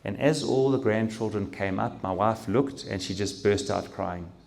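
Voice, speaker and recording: A middle-aged man giving an emotional personal testimony at a talk, speaking haltingly with pauses and restarts. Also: lowish voice, creaky, a little mellow. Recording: roomy hall echo.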